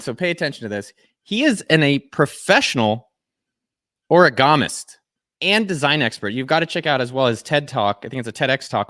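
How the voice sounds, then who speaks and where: Hyped American livestream host. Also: male voice, a little high, dry recording, clean studio sound. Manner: energetic, jokey, rambling. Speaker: live show host. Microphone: video call.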